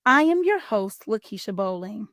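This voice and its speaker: Animated woman reading a storybook. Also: medium pitch, moderate pace, no echo, clean studio sound. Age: middle-aged. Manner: animated, expressive, warm teacher tone. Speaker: host and children's story reader. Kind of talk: read-aloud storytime for children.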